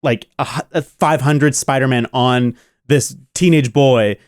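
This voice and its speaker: A man talking through a film on a casual podcast, his thoughts tumbling out with plenty of "like" and "uh". His voice sits at an ordinary middle pitch. It is recorded close and dry, with no room sound. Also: steady tone, a little slow, dry recording. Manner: rambling, enthusiastic, many fillers. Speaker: podcast co-host. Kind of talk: casual movie review chat.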